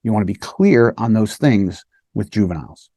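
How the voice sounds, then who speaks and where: A man with a lowish, mellow voice and lively intonation speaks at normal speed in clean, echo-free studio audio. He's a police lieutenant casually teaching interview skills, often asking the listener "right?" and acting out brief quoted lines from officers and children.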